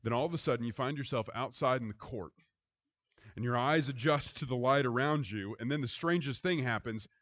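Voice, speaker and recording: A middle-aged pastor delivers a sermon at a brisk pace in a medium-pitched voice, moving between hushed, reflective passages and rising, emphatic storytelling.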